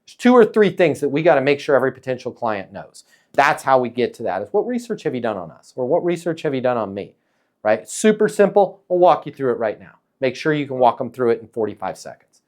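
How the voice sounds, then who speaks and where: A man coaching a salesperson with emphatic, energetic talk, acting out little dialogues as he goes. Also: mid-range voice, quick pace. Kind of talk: coaching a caller in a sales session.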